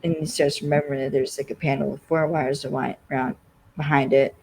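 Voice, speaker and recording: Podcast cohost rambling thru an episode recap, husky voice, like like like everywhere. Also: mid-range voice, level tone, a little fast, a little mellow, low-quality recording. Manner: rambling, constantly says "like". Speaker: podcast co-host.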